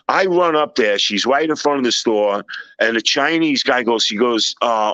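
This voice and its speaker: A man on a talk panel telling a personal story in a casual, animated way, with many halting restarts and loud acted-out quotes. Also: mid-range voice, no room sound, low-quality recording. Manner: animated, loud when acting out scenes. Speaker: panel guest.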